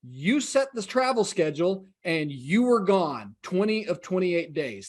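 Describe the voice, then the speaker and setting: A man's voice: on the high side, animated, moderate pace, hardly any pauses. A man in his forties, a podcast guest telling his story in an earnest, reflective way and acting out the dialogue he quotes. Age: 40s.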